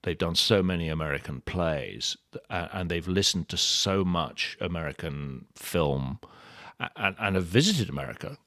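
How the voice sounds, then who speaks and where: Brief: older English actor, dry wit, very low voice, close dry mic. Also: male voice, animated, no room sound. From England. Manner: dry, wry wit, measured and soft-spoken. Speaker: actor and guest. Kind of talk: relaxed interview storytelling.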